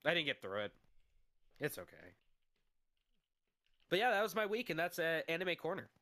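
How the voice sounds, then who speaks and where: Dude cohosting a podcast, kinda high voice, bright, swears a lot, dry close mic. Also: male voice, moderate pace, no room sound. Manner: profane, animated ranting. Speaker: podcast co-host. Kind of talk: casual podcast banter.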